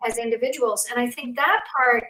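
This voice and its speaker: Soft-spoken older woman host, echoey. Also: on the high side, brisk. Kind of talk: casual conversation. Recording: echoey, distant from the mic.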